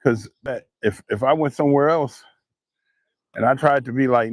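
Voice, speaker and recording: A man telling a story in a profane, animated casual rant. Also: medium pitch, normal speed, no room sound. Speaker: vlogger.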